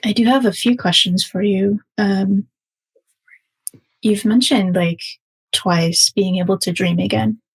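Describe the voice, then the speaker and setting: A woman's voice: medium pitch, steady tone, unhurried, gravelly, breathy edge, low-quality recording. A woman who hosts the interview, speaking in an affirming, reflective way to her guest. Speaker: host, former psychology teacher. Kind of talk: supportive interview talk.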